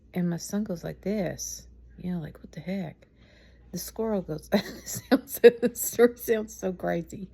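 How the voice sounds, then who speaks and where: Late at night, a tired middle-aged woman with a low, gravelly, dark-toned voice speaks softly in a casual storytelling vlog. She rambles chattily through a story about her son, laughing at it as she goes.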